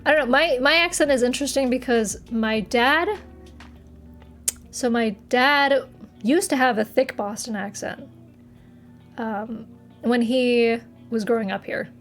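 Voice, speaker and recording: A young woman with a northern US accent chats on a livestream, her fairly high voice bright with giggles as she banters with viewers. She talks into a desk mic with faint music underneath. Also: unhurried, long pauses. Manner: chatty, giggly, answers viewer chat playfully. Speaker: streamer. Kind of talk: casual livestream chat. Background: faint background music.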